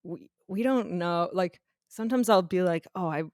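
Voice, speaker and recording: A woman's voice: fairly low pitch, clean tone, no room sound, studio quality. Laughing woman telling stories. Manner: animated storyteller, quick laughs. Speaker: podcast co-host. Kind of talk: casual chat.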